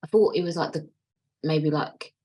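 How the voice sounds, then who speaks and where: A woman's voice: deep voice, moderate pace, dark tone, husky, low-quality recording. A woman in her late twenties hosting a solo podcast, chatting candidly and rambling, swearing freely. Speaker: podcast host. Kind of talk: casual solo podcast chat.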